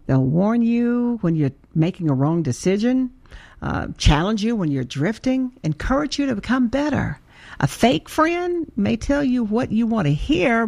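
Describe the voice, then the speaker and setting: A woman's voice: on the high side, vocal fry. A woman giving a short radio devotional in a conversational way with playful asides. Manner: expressive, conversational with asides and little laughs. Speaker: devotional speaker.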